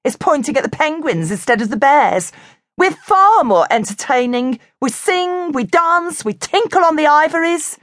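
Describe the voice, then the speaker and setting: Brief: woman playing a brash, high, showy male bear, storybook, loud and lively. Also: moderate pace, no room sound, clean studio sound. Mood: boastful. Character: loud showbiz male brown bear, guffawing.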